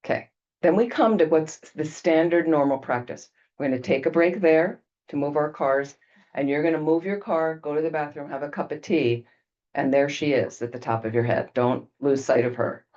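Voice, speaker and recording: In a dull lo-fi recording, a Buddhist retreat teacher walks a group through a detailed visualization at a moderate pace. The voice is medium-pitched and darkish, and explanations are punctuated by frequent "okay" check-ins.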